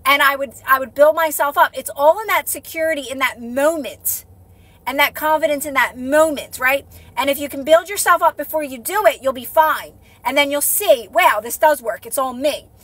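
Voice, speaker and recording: An earnest woman coaches her viewers on a live phone stream. Her voice sits high and bright. The sound is close and dry, and she keeps checking in with listeners as she repeats her point. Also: moderate pace, no room sound. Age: adult with a child. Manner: earnest, repetitive, coaching with frequent "right?". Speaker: manifestation coach. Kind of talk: casual live-stream talk.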